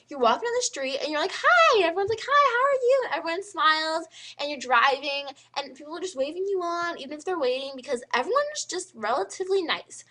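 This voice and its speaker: A teenage girl ranting to camera in a vlog, emphatic and animated, with lots of "like" fillers. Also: sits high. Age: teens. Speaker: high school student vlogger.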